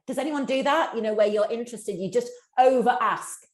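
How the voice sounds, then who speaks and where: Woman presenter, mid-pitched and quick, lots of self-interruptions; echoey room sound. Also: darkish tone. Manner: fast-talking, with many restarts. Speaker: workplace mental health speaker. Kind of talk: live webinar answer to a question.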